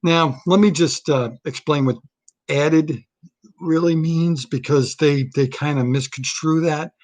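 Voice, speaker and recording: A man's voice: a little high, steady tone, measured pace, darkish tone. A man doing a solo political comedy rant, blunt and repetitive, restarting phrases as he riffs.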